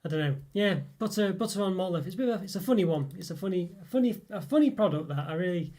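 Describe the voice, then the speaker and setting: A man hosts a live stream reviewing chocolate, rambling as he reads out viewer comments, full of fillers and chuckles. His voice sits high and a little mellow, and he's animated and quick.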